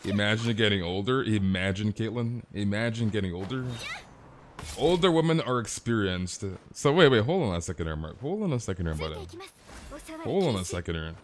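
A man's voice: lowish voice, expressive, fairly quick. Young man, game streamer, rambling chat, stammers and restarts, slangy, faint game music behind. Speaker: gaming livestreamer. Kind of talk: casual live-stream chat with viewers.

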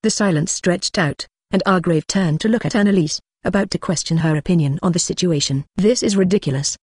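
An audiobook narrator reading a fantasy novel in an even, steady way. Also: medium pitch, brisk, husky, no echo, clean studio sound.

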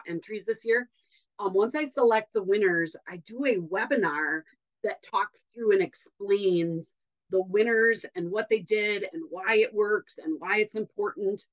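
A woman with a Wisconsin accent hosts a podcast, chatty and upbeat, peppering her talk with fillers. Her voice sits at a middle pitch, and the recording is a little dull. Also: fairly bright tone. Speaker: podcast host. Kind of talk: casual podcast intro.

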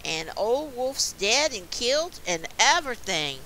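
A woman reads a dialect story poem aloud with a folksy, childlike lilt. Her voice is bright and her pitch moves a lot. She takes her time over every line. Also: very animated, unhurried, a little hiss or hum. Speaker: reader.

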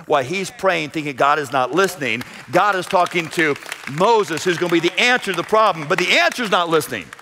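A man preaching a sermon as pastor, dramatic, swinging between shouted lines and hushed low passages. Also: expressive, a little fast, some chatter behind, slight background noise. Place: church sanctuary. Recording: echoey church hall. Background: long hall reverb.

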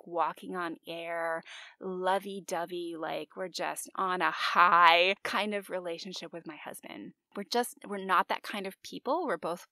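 Woman in her 40s doing a faith podcast, bit of vocal fry, dry close sound, chatty and confiding, drops to whispers sometimes. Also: mid-range voice, no echo. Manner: confiding, animated storytelling with laughs and soft whispered asides. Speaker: podcast host. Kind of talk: faith-based podcast monologue.

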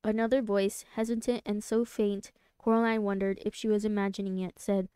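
A woman streamer reading a novel aloud live, soft-spoken, now and then stumbling and restarting a word. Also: mid-range voice, completely flat delivery, normal speed, hardly any pauses, clean tone, no room sound. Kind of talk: live read-aloud narration.

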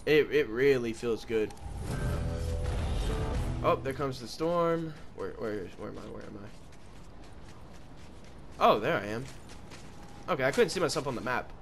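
A man's voice: medium pitch, lively intonation, a little slow, gravelly, pauses often, faint music behind. A man in his twenties rambling and cursing while commenting on his gameplay. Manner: rambling, swears often, loud outbursts at the game. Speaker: gaming streamer.

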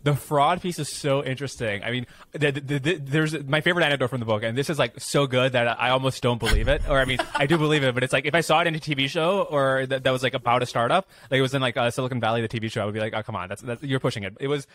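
A man's voice: mid-range voice, fairly even intonation, fast, few pauses, a bit bright, slight background noise. A man hosting a podcast, retelling an anecdote with enthusiasm, stumbling over words as he goes. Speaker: podcast host. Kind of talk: casual interview talk.

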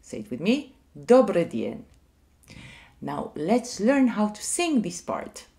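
A woman teaching a music lesson to young children, speaking clearly and leading them to repeat after her. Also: mid-range voice, big pitch swings, darkish tone. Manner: slow, clear and sing-song, leading call-and-repeat.

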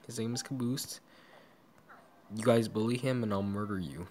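A woman giving casual gameplay commentary, gushing in baby talk at a virtual pet with sudden squeaky jumps. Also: steady tone, normal speed, warm tone, a little hiss or hum. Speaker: gaming vlogger.

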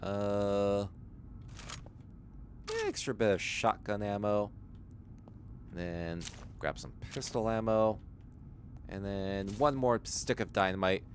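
A man's voice: fairly low pitch, steady tone, slow, long pauses, a little hiss or hum. A man streaming a video game, chatting casually and rambling as he answers chat, chuckling often. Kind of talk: casual gaming livestream chat.

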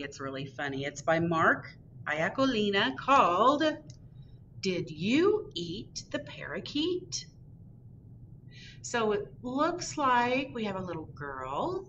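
A woman who is a children's librarian, reading a picture book aloud in an animated, sing-song way for a virtual storytime. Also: mid-range voice. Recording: distant, dull recording with loud background hiss.

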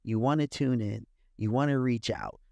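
A man's voice: mid-range voice, moderate pace, creaky, a little mellow, no echo. A man hosting a podcast, upbeat and repeating his praise as he wraps up the show. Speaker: podcast host. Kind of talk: casual interview.

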